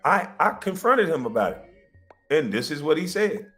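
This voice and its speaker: A man's voice: on the high side, big pitch swings, normal speed, a bit bright, faint music behind. A man hosting a livestream, defiantly defending himself and insisting he keeps his receipts, repeating points for emphasis. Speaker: livestream host. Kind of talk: heated livestream rant.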